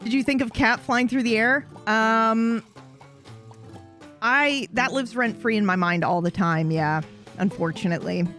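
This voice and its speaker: A young woman streamer telling a story to her live chat, animated and swearing freely, often breaking into laughter. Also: fairly high pitch, a little slow, soft background music.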